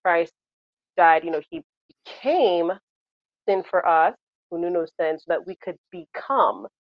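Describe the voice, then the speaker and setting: A woman's voice: on the low side, a little slow, no room sound, lo-fi sound. A woman co-hosting a casual faith podcast chat, talking passionately and animatedly with many fillers like "you know.".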